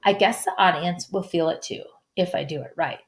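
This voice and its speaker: A woman's voice: fairly low pitch, normal speed. A woman reading a first-person story aloud who stumbles over hard names, apologizes and makes asides. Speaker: audiobook reader.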